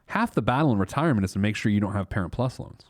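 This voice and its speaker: Man, 30s, lower pitch, blunt animated podcast host, dry close sound. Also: racing, no room sound. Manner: blunt and animated, with frequent restarts. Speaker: podcast host, financial planner. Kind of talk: casual solo podcast talk.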